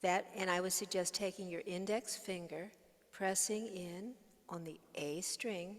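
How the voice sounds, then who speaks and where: Unhurried woman teaching ukulele. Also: on the low side, fairly even intonation, in a large hall, slight background noise. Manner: patient, explains step by step, hums and counts along. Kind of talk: online music lesson. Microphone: video call.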